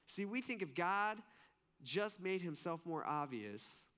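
A man's voice: sits high, sing-song, takes it slowly, sharp tone. A man preaching a sermon in a loose, conversational way, asking his listeners questions and restarting his sentences. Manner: conversational, questioning the audience, frequent fillers and restarts. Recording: long hall reverb.

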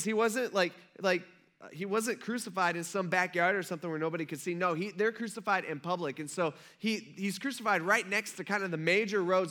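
Bright-voiced conversational male pastor. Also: high-pitched. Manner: conversational storytelling preacher, acting out crowd voices. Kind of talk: sermon.

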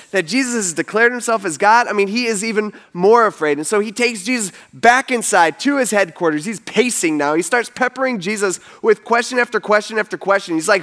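High-voiced preacher, vivid animated storytelling, casual fillers. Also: male voice, brisk, hardly any pauses. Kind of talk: storytelling sermon.

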